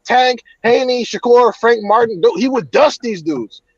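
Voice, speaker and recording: A man's voice: extremely high pitch, animated, measured pace, breathy edge, no echo, lo-fi sound. A man ranting heatedly about boxing in a casual chat, cursing often. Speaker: boxing commentator.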